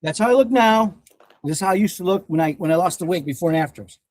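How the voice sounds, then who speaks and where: A man in his fifties chats on a casual livestream in a fairly high voice, excitable and quick to laugh. He swears freely as he answers the chat, and the sound is close and dry. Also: no echo. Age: 50s. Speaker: livestream host reading chat.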